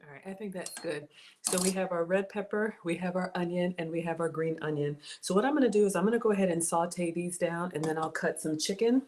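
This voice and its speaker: A woman's voice: fairly low pitch, fairly quick. Chatty woman livestreaming from her kitchen. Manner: chatty, talks straight to viewers, greets them by name. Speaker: home cook livestreaming. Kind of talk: casual cooking livestream chat. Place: home kitchen. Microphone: cell phone and tablet. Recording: noisy phone livestream audio.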